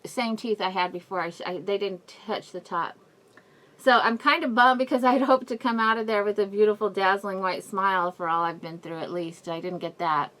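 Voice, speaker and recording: A woman's voice: mid-range voice, fairly even intonation, normal speed, fairly bright tone. A middle-aged woman giving a casual personal update to her viewers, telling a rambling, emotional story with frequent laughs and sighs, speaking through a face mask. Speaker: vlogger.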